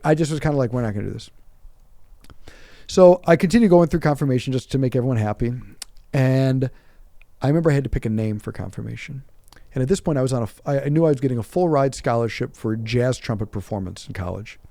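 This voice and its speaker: A man in his forties, a priest, telling his story in a casual podcast chat, animated and self-deprecating, acting out quotes. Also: mid-range voice, fast talker, dry recording, clean studio sound.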